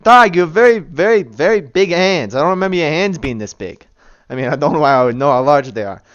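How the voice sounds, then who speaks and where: A man's voice: fairly high pitch, expressive, fast talker, fairly bright tone, no room sound, highs cut off. A man voicing a tiny stone bandit statue come alive, a brash and taunting little figure in a tabletop game. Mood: indignant. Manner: cocky, mocking taunts.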